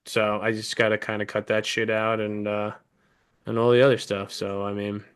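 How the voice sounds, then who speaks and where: A man's voice: fairly low pitch, moderate pace, smooth. Breathless man telling a story, cursing. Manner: profane, storytelling, animated quoting. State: short of breath. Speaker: podcast co-host. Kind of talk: casual chat.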